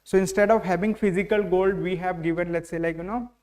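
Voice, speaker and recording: With a high, steady, slightly mellow voice and a brisk delivery, a man with an Indian English accent teaches current affairs online for exam prep. He explains step by step, frequently falling back on "like, you know."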